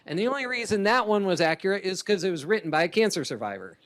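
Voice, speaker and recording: A man giving a keynote talk as a comic artist, lively and chatty, laughing often. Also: high voice, quick pace. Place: conference hall stage.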